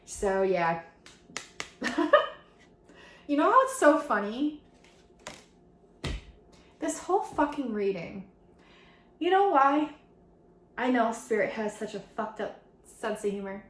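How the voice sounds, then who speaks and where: A woman's voice: fairly high pitch, big pitch swings, a little slow, pauses often, a little hiss or hum. A woman tarot reader talking casually and ramblingly to her viewers, swearing now and then as she wraps up a reading. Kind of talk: casual channeled reading wrap-up. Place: room at home. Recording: echoey room.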